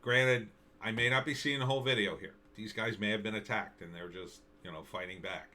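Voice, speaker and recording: An American man talks alone into his mic, commenting on news clips. His voice is bright and forceful, set fairly low, and he sounds indignant, stumbling over restarts and hammering the same point again and again. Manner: indignant, repetitive, halting with restarts. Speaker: political commentary vlogger. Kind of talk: solo commentary reacting to news and videos.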